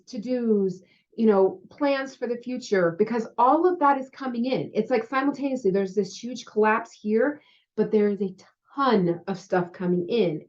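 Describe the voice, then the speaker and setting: A woman's voice: on the high side, a little mellow, muffled recording. A woman who works as a spiritual healer gives a casual talk to her viewers. She is chatty and often says "you know" and "right?". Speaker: spiritual healer and intuitive guide.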